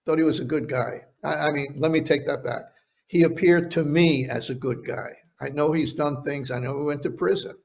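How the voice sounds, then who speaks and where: A man's voice: on the high side, vocal fry, a little mellow. Older man telling stories, dull lo-fi audio. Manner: halting, with frequent restarts. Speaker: journalist guest recounting interviews. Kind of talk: conversational storytelling.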